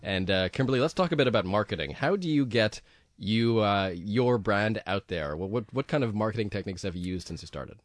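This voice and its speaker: A man hosting a radio program, reading segment intros in a crisp announcer style. His voice runs a bit low and his pace is quick. The studio sound is dry and close. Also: animated, no echo. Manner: brisk announcer delivery. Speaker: radio show host.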